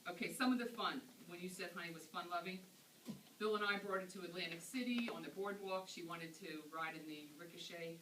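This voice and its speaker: A woman's voice: on the low side, brisk, a bit bright. Woman giving a eulogy in an echoey hall. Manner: anecdotal storytelling, conversational. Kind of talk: funeral eulogy. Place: funeral service hall. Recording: echoey room, far from mic, noisy.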